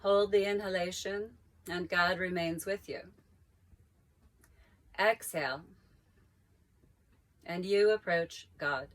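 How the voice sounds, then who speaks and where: A woman yoga teacher calmly leading a guided breathing practice with slow, drawn-out cues. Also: fairly low pitch.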